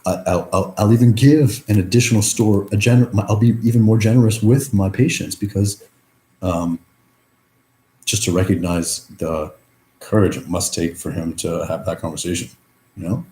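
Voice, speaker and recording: A man's voice: deep voice, moderate pace, warm tone. A young man in a reflective personal monologue, rambling through many fillers and swearing freely. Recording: echoey room.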